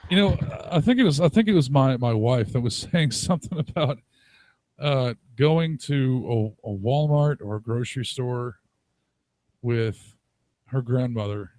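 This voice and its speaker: A man's voice: medium pitch, expressive, a little slow, a little mellow, dry recording. A man co-hosting a casual chat, talking in a rambling, crude way and laughing often. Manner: rambling, crude, laughs a lot, acts out quotes. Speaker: podcast co-host.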